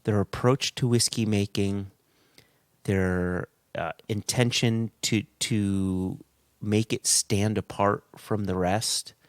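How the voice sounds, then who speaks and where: A middle-aged man co-hosting a casual podcast, his voice sitting on the low side and recorded dry and close. He tells stories in an animated way and laughs easily at his own expense. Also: slow, no room sound. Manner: animated storyteller, laughs at himself. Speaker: podcast co-host.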